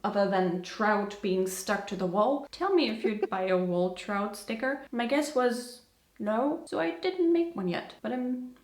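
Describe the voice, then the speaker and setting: A woman's voice: medium pitch, animated, measured pace, a little mellow. A woman, presenting a scripted comedic explainer in a playful, punny way with whispered asides. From Germany. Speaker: YouTuber presenting a video. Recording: roomy echo.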